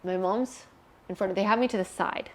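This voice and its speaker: A woman's voice: mid-range voice, brisk. A young adult woman, an interview guest, telling a painful personal story candidly and emotionally, swearing freely.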